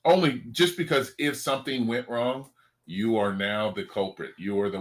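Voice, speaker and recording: A man's voice: medium pitch, normal speed. A man hosting a casual video call chat, talking in a rambling way with frequent restarts. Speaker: host.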